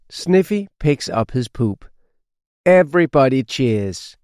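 A man reading a children's storybook aloud, slow, clear and expressive. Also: medium pitch, no room sound, studio quality. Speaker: audiobook narrator.

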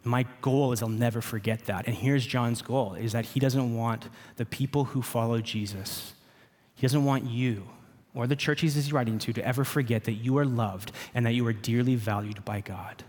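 A man's voice: medium pitch, fairly even intonation, moderate pace, darkish tone. A man in his thirties, a pastor preaching a sermon in an earnest, personal way. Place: church sanctuary. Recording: reverberant church hall.

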